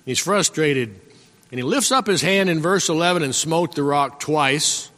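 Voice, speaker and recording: Male pastor, sermon, fairly high voice, repetitive exhortation, throat clearing, long echo of a church hall. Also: expressive, moderate pace, sharp tone. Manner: repetitive, exhorting, calls out "Amen?". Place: church sanctuary.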